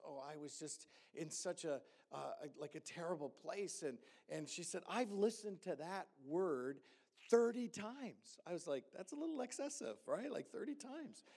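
A man, a pastor, telling a story in a sermon and acting out the dialogue with lively energy. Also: high-pitched. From Hamilton.

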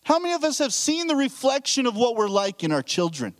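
Male pastor, 30s, high animated voice, casual preaching, banters with the crowd. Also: a little fast. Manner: conversational, jokes with the congregation, asks questions. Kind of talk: casual sermon.

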